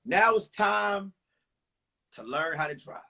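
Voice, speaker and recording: Husky high-voiced New comedian. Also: male voice, slow. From New York. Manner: blunt, profane, animated storytelling. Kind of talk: stand-up storytelling.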